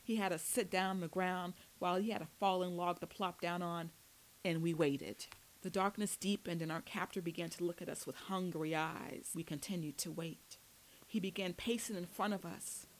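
A woman reading a first-person novel aloud as an audiobook narrator, with steady storytelling delivery. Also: lowish voice, poor audio.

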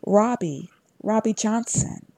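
A woman's voice: medium pitch, slow pace, gravelly, darkish tone, voice pushed up. A woman reading a storybook voicing a frightened, stammering skinny goth teenage boy. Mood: nervous.

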